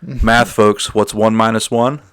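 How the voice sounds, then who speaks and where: Late-20s male co-host, low and smooth voice, dry teasing humor. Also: fairly even intonation, measured pace, a bit bright. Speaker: podcast co-host. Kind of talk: casual chat among friends.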